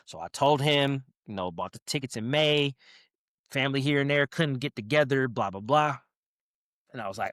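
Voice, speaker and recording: A man's voice: mid-range voice, moderate pace, no echo, studio quality. A young man, a podcast guest, telling a story in casual chat and acting out what people said to him. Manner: animated, acts out quotes in raised voices.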